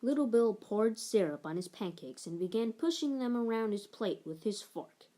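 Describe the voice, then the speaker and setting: A woman narrating a children's picture book aloud in an expressive storytelling manner. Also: a little high, moderate pace. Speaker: storybook reader.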